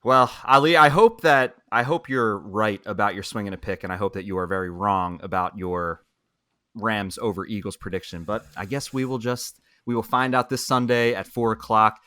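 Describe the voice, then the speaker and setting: A man co-hosting a casual sports podcast, talking in an animated way and asking quick questions. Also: lowish voice, clear, resonant tone, no room sound, studio quality. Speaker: podcast co-host.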